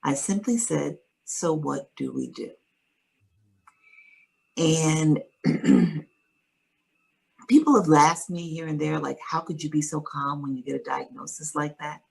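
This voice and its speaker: A woman earnestly telling a personal story in conversation, measured and steady, with pauses to find her words. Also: sits low, creaky, husky, poor audio. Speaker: guest sharing her story.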